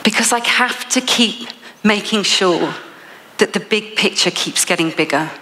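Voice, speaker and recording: A woman's voice: medium pitch, a little slow, bright, forceful tone, long reverb tail. A woman with an English accent giving a motivational keynote speech, telling a story with frequent laughs. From England. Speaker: motivational speaker.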